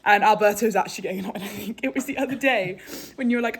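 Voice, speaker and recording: A woman's voice: mid-range voice, fast. Giggly, hyper woman vlogging. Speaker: swimmer vlogging at competition. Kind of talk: casual vlog to camera. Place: hotel and pool area, indoors. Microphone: handheld phone camera. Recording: background noise, ambience.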